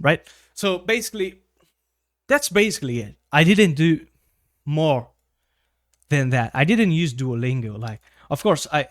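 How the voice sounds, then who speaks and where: A man's voice: mid-range voice, dry recording, clean studio sound. A young Brazilian man with a Brazilian Portuguese accent, a native Portuguese speaker, teaching English in a casual chat and often asking "right?". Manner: conversational, frequent tag questions. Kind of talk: casual video-call style lesson.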